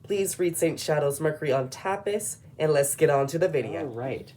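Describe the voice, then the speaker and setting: Someone with a Texan accent casually walks through their old sketchbook, rambling, chatting, and often stopping to correct themselves. The voice is mid-range and a little mellow, at a moderate pace.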